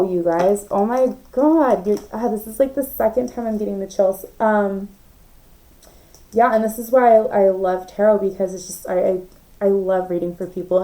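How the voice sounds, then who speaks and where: A woman's voice: mid-range voice, warm tone, low-quality recording. A young woman giving a casual, emphatic tarot reading, talking straight to her viewers with lots of fillers and the odd swear word. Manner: chatty and emphatic, many fillers, swears, addresses viewers directly. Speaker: tarot reader.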